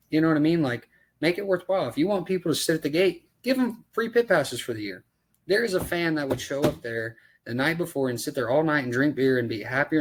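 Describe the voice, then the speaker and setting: A race car driver on a podcast, ranting about racetracks in casual, profane talk full of rhetorical questions. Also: male voice, mid-range voice. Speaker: dirt late model race driver.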